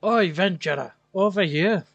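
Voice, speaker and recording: A man's voice: high-pitched, moderate pace, creaky, a bit bright, no room sound, muffled recording, soft background music, voice pushed up, exaggerated voice. A man reading a brash streetwise informant's lines. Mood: cheeky. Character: cheeky streetwise male city informant.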